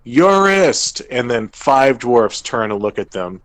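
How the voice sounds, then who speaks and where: A man's voice: mid-range voice, unhurried, no echo, rough recording. A young man, podcast co-host and game master, casually recapping a tabletop game and briefly acting out characters' lines.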